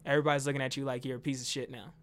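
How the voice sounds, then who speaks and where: A man, a comedian, in a casual podcast chat, talking fast and animated and often asking "you know what I mean?". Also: medium pitch.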